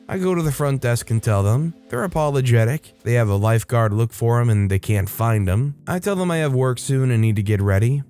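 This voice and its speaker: A man's voice: mid-range voice, expressive, normal speed, hardly any pauses, dark tone, faint music behind. A man reading online stories aloud, adding casual, chatty commentary between them. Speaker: story narrator.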